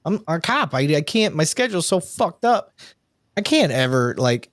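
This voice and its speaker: A man's voice: high voice, sing-song, moderate pace, dry recording, clean studio sound. A man hosting a live show, a police officer talking casually, with frequent ums and restarts. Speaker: podcast host, police officer. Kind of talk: casual livestream commentary.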